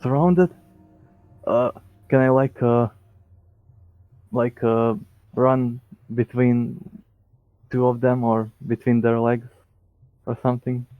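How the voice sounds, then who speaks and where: A man's voice: mid-range voice, steady tone, takes it slowly, long pauses, clear, resonant tone, no echo. A man playing in a tabletop game, speaking hesitantly with lots of fillers. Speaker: player. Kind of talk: casual tabletop play. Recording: tinny phone-like line.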